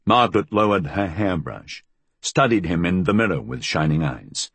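Deep-voiced male audiobook narrator. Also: gravelly, husky, no echo. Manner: measured, expressive storytelling.

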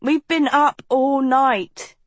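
A woman's voice: mid-range voice, steady tone, slow, no room sound, natural voice. A woman voicing a tired, impatient teenage boy with a weary, sardonic delivery in an audiobook. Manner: weary, snorting sarcasm.

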